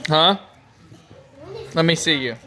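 A man's voice: on the high side, slow pace, pushed and bright. A man filming his children at home, coaxing and cheering them on while he laughs. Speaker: father filming his kids. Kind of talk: casual home video chat. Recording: noisy home video audio.

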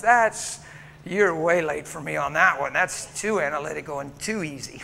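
A man's voice: on the high side, fairly quick, gravelly, pushed and bright, slight background noise. A male preacher telling stories in an impassioned sermon, often breaking into laughter. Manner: impassioned storytelling with frequent laughter.

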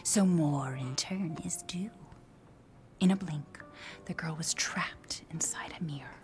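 Hushed low storybook voice. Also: female voice, slow. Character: young mother telling her baby a bedtime tale. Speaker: narrator and mother in a game. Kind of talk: storybook narration in a video game. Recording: music in the background.

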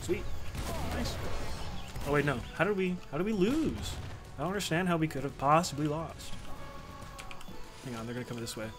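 A young man giving excitable, swearing, self-mocking commentary while he plays a game. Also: on the high side, moderate pace, pauses often, over music. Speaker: gamer. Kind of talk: casual gameplay commentary.

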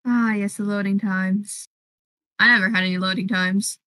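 A woman's voice: mid-range voice, steady tone, normal speed. A woman chatting with a friend who plays a video game, teasing him playfully and guiding him through puzzles. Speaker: co-commentator friend. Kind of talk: casual gameplay chat. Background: loud game music.

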